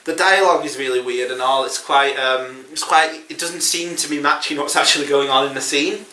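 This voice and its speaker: A man's voice: medium pitch, a little fast, pushed and bright, roomy sound, distant mic. A man hosting a casual film review chat, rambling and chuckling often. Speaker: film review podcast host.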